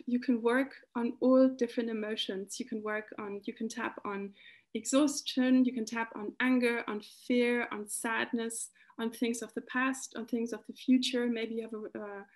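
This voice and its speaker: A woman talks through a tapping technique in a calm, explanatory way. Her voice sits a little high and stays fairly level, with little rise and fall. She often backs up and restarts a phrase before carrying on. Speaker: EFT practitioner giving a talk. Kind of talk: explanatory talk with demonstration.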